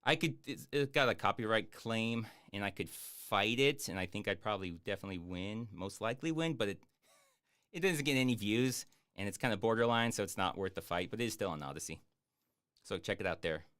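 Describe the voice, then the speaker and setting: A man chatting casually on a live stream, answering viewer questions in a rambling, jokey way with lots of fillers and deadpan boasts. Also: lowish voice, a little fast. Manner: hesitant with many fillers. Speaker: YouTube streamer answering chat.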